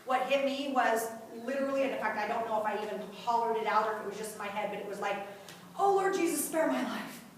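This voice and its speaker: A woman tells her personal story to a gathered group, full of drama and acting out the voices of the people in it. Her voice sits a little high and reaches the mic from across a very echoey room, with a faint murmur of room noise behind her. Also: little pitch movement, racing, few pauses, distant mic. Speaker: guest speaker at a mothers' group.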